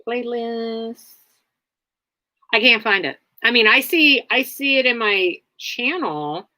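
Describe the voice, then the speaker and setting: Brief: woman livestream host, unhurried delivery, blunt and rambling, dry close sound. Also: on the high side, expressive, pushed and bright, no room sound. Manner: rambling, many fillers, blunt. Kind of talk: casual livestream chat answering viewers.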